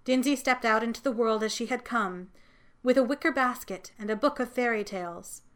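Woman reading a fairytale out loud, gentle and even, slightly high voice. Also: moderate pace. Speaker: narrator. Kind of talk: audiobook fiction reading.

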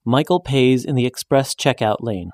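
Man, story narrator, measured delivery, mid-pitched voice, dry close-miked sound. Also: no room sound. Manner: even, measured storytelling, lifting his pitch for the woman's lines.

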